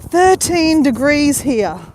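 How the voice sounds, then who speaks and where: A chatty middle-aged Australian woman talks into her phone while out walking. Her voice sits high and bounces lively up and down as she greets viewers by name. A faint outdoor hiss runs behind her. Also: takes it slowly. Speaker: vlogger livestreaming a walk. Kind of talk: casual live-stream chat. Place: outdoors on a waterside path. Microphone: phone held while walking.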